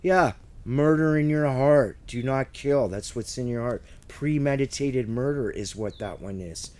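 A man preaches through scripture in an earnest, conversational way at an ordinary pitch. His fervor runs high, and at times emotion chokes his voice. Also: unhurried, darkish tone. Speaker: Bible teacher. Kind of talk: verse-by-verse Bible study preaching.

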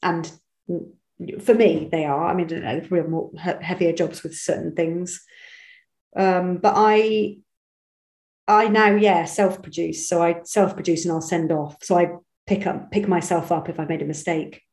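Chatty British actress, low mellow voice. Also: female voice, reverberant, rough recording. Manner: chatty, animated, quick restarts. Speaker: actor and audiobook narrator. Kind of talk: interview answers. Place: home studio.

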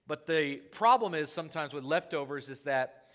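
Animated preaching man in a church. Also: on the high side, moderate pace. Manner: animated preaching, rising loud when quoting scripture; conversational asides to the congregation. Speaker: pastor. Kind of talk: sermon.

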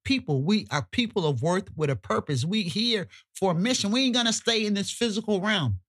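A woman co-hosting a podcast, talking emphatically and colloquially, sometimes cussing, her pitch jumping high when she gets worked up. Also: animated, a little fast. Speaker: podcast co-host. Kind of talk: casual podcast chat.

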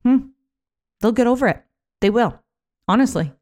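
A woman talking casually on her own podcast, chatty and animated, with many fillers and restarts, sometimes acting out other people's voices. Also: a little high, normal speed. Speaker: podcast host. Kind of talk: casual solo podcast talk.

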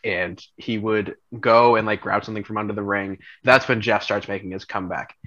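A man co-hosting a podcast, casually laying out a long, rambling story pitch. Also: fairly quick, muffled recording. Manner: rambling, animated storyteller, laughs often. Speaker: podcast co-host.

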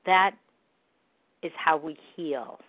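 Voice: medium pitch, takes it slowly, dry recording. An earnest speaker in a reflective monologue, explaining step by step how to own a hurt and apologize. The sound is thin and phone-like, with a close, dry feel and no room around it. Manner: earnest, talks through steps of an apology. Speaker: podcast speaker on forgiveness. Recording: tinny phone-like line, dry.

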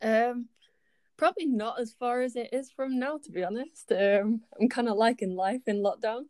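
A woman's voice: fairly high pitch, normal speed, a little mellow, dry recording. Young woman from Yorkshire, chatty, lots of ums, laughs easily, dry close sound. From Yorkshire, England. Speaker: interview guest, architecture student. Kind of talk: casual interview chat.

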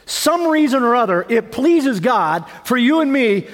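A man's voice: very high voice, big pitch swings, a little slow. A man preaching a sermon as pastor, talking in a casual, conversational way, asking the congregation many questions and often repeating words. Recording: long reverb of a church hall.

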